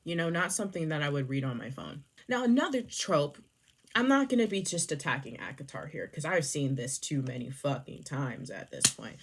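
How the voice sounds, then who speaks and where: A woman's voice: deep voice, sing-song, moderate pace, a bit bright, slightly rough. A young woman reviewing books in a sarcastic, rambling, casual chat full of swearing. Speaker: book reviewer.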